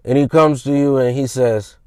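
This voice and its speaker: A man's voice: mid-range voice, fairly even intonation, moderate pace, warm tone, clear, resonant tone, no room sound. A man hosting a podcast, telling history in a casual, slangy, conversational way. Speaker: podcast host. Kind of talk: informal history storytelling.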